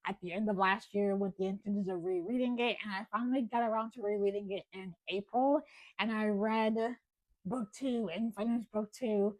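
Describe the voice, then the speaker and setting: A woman's voice: mid-range voice, fairly even intonation, moderate pace, darkish tone, no echo, low-quality recording. A young woman with an American accent chatting casually about books to camera, rambling with fillers and a voice that is wearing out. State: losing her voice. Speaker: book vlogger.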